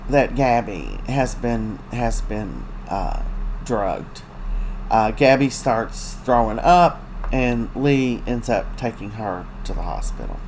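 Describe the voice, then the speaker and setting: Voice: medium pitch, animated, darkish tone, slight background noise, poor audio. Chatty, gossipy soap opera recapper. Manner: chatty, gossipy storytelling with many fillers; acts out characters' lines in quick put-on voices. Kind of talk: casual recap chat.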